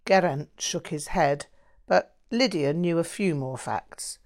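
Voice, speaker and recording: Slow, low-voiced woman narrating an audiobook. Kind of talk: first-person audiobook narration.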